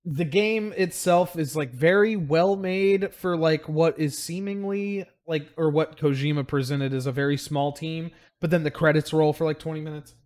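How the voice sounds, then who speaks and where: A young man hosting a podcast, chatting casually about games in a relaxed, rambling way full of fillers. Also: a little high, moderate pace, hardly any pauses. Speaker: podcast host. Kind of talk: casual chat.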